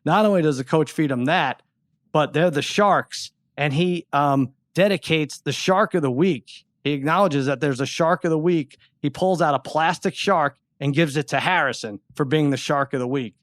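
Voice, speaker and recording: A middle-aged man co-hosting a podcast, telling an animated, exasperated story in casual chat. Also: fairly high pitch, moderate pace, dry recording, clean studio sound. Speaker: podcast co-host.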